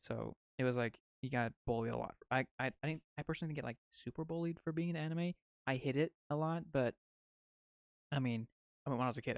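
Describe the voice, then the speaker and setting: A man's voice: mid-range voice, gravelly, dry recording, studio quality. Rambling young man chatting on stream. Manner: rambling and excitable, full of "like" fillers and restarts. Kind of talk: casual live-stream chat while drawing. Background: faint music.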